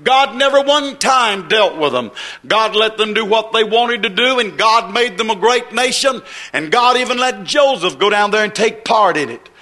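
A man's voice: high-pitched, expressive, normal speed, pushed and bright. A man preaching a sermon with an emphatic, repetitive cadence.

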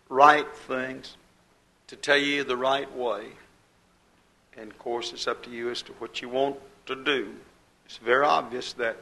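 A man's voice: mid-range voice, bright, forceful tone, rough recording. A man pastor preaching a fiery sermon, building emphasis and quoting scripture.

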